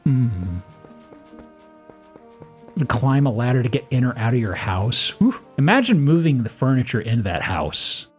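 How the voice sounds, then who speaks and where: A man streaming a game live, chatting casually and playfully, with loud, sudden, high-pitched exclamations. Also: big pitch swings, a little slow, long pauses, soft background music. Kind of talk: casual live gameplay chat.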